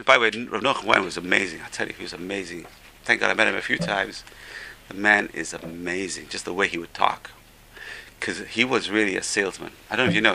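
A man's voice: medium pitch, gravelly, sharp tone, a little hiss or hum, poor audio. A man teaching a religious class who speaks in exclamations and uses Hebrew terms. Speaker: Torah teacher.

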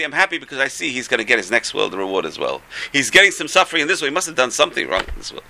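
A man giving a storytelling Torah talk, animated, swinging between loud bursts and soft asides, with a gravelly voice. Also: mid-range voice, very fast, hardly any pauses, slight background noise.

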